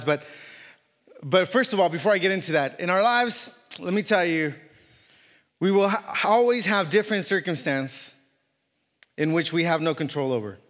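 A man in his thirties preaching a sermon as a guest speaker, telling a personal story earnestly, with many halting restarts. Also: fairly high pitch, a bit bright, long reverb tail.

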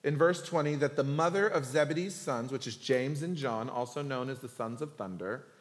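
A man preaching a sermon in a lively, humorous, conversational way. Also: mid-range voice, moderate pace, big-room sound. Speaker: pastor.

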